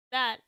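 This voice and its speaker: Woman streamer, casual chat, giggly and lively, sharp bright tone, dry close sound. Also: no room sound. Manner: giggly, animated, chatty with many fillers.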